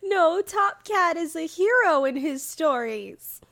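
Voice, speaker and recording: Giggly, animated young woman podcaster. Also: very high-pitched, takes it slowly. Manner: giggly, excitable, laughs often. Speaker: podcast co-host. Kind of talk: casual chat over voice call. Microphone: voice call headset or desk mic.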